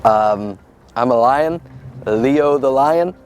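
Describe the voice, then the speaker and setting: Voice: medium pitch, takes it slowly, darkish tone, close to an everyday voice. An actor voicing a laid-back, trusting male lion in a kids' church comedy skit, talking in an easygoing, slightly goofy drawl.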